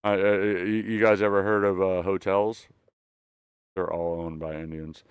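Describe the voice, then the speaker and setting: A man's voice: low-pitched, level tone, unhurried, clean tone, no echo. A man chatting casually as a stream host, rambling and swearing with many stammered restarts. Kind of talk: casual chat.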